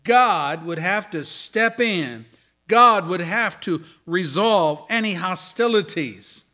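A man preaching a sermon, swinging between loud dramatic scripture reading and hushed asides. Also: high-pitched, lively intonation, slow. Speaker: pastor. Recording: audio of a sermon.

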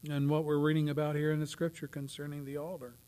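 A man preaching a sermon, swinging from loud, declaiming readings to near whispers. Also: on the high side, little pitch movement, quick pace. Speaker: pastor. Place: church.

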